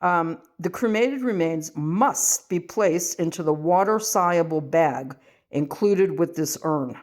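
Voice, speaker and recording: A woman's voice: fairly low pitch, slow pace, a little mellow. An older woman from the western United States, filming a rambling, self-mocking home vlog and reading aloud from a label. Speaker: vlogger.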